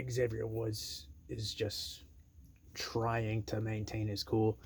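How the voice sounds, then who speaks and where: A man casually pitching an imagined storyline, rambling and acting out quotes in a raised voice. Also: a little mellow, a little hiss or hum.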